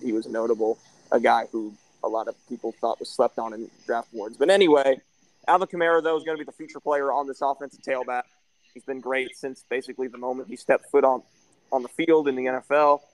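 A man's voice: medium pitch, no room sound, low-quality recording. A man co-hosting a casual sports podcast from a backyard, bluntly breaking down team records and stats. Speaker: podcast co-host. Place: backyard, outdoors.

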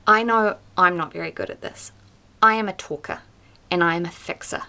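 A woman talks through a devotional podcast in a plain, conversational way. She is earnest and direct, stressing points firmly before softening into quiet, gentle phrases. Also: lowish voice. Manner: earnest, conversational, swings from emphatic to soft and quiet. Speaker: podcast host teaching on the Bible.

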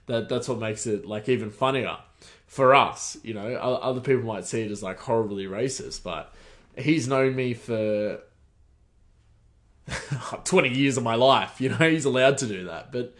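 A man's voice: medium pitch, normal speed. Rambling man in casual storytelling. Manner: rambling, with frequent restarts and soft laughs. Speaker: podcast host.

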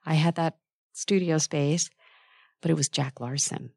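A middle-aged woman, a textile designer and author, telling a personal story in an interview in a lively, candid way with quick asides. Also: low voice, vocal fry, breathy edge, no echo.

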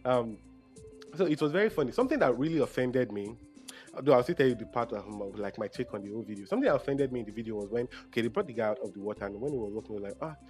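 A young man with a Nigerian accent talks on his own in a loose, chatty way, stopping to fix his words as he goes. His voice sits at an ordinary middle pitch, with faint music playing behind him. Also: expressive, racing, a little mellow. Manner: chatty, self-correcting, emotional. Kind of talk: casual monologue.

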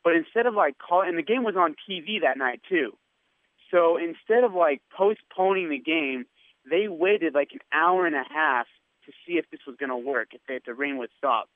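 A man's voice: fairly high pitch, normal speed, no echo. Guy guesting on a podcast, thin phone sound, dry, acting out his story. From India. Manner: animated anecdote teller, acts out quoted lines. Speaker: radio sports host, guest. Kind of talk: casual storytelling. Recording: tinny phone-like line.

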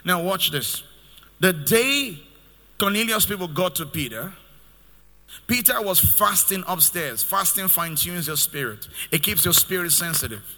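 A man's voice: high voice, expressive, a little slow, pushed and bright, in a large hall. A man preaching a sermon as pastor, lifting into sung cadences as he builds his points.

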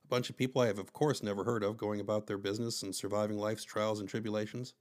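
A man's voice: lowish voice, level tone, quick pace. A man narrating a first-person story with wry, conversational asides.

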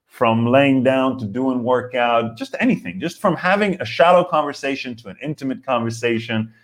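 A man's voice: medium pitch, normal speed. A man in his forties hosting a live comedy podcast, ranting in a rambling way with lots of restarts and acted-out quotes. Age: 40s. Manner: rambling, frequent restarts and fillers, acts out quotes. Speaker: comedian host.

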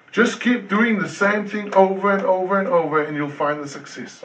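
A male pastor preaching a sermon, driving points home with repeated words and swinging between loud and hushed. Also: high voice, normal speed. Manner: preaching with emphatic repetition, rising and falling intensity. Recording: distant, dull lo-fi sound.

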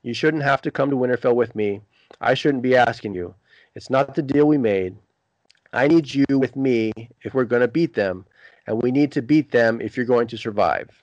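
Male host reading a young commander's rallying plea, quick and earnest. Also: mid-range voice, darkish tone, no room sound, highs cut off, lightly acted.

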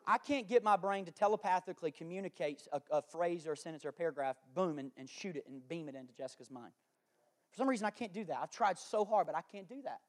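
High-voiced, folksy, emphatic pastor. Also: male voice, animated, quick pace. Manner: emphatic and repetitive, building to loud declarations; folksy and conversational, with homespun analogies. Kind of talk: sermon.

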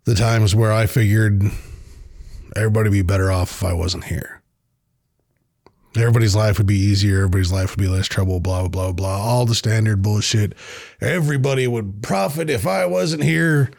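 A man's voice: on the low side, fairly even intonation, fairly quick, darkish tone, no room sound, studio quality. A man hosting his own podcast, talking alone in a blunt, profane but earnest and reflective way. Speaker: podcast host. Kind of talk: casual solo monologue.

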